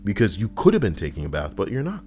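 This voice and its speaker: A man's voice: fairly low pitch, wildly swooping pitch, fast talker, warm tone, soft background music. A man streaming live, chatting casually and joking with viewers, rambling and swearing. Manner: rambling, jokey, swears freely.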